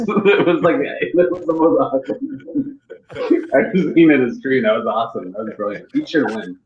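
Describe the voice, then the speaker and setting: A man's voice: mid-range voice, big pitch swings, moderate pace. Man laughing through jokes in an echoey room. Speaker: comedian contestant. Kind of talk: comedic banter. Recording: roomy, dull home mic with faint noise.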